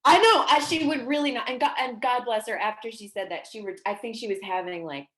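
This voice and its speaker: A woman in her thirties, a podcast guest, telling stories in casual chat with a giggly, animated manner. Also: on the high side, brisk. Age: 30s.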